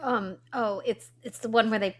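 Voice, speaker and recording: A woman's voice: fairly high pitch, steady tone, normal speed. A woman playing a trivia game, chatty and self-deprecating about her guesses. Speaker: trivia contestant. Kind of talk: casual game chat.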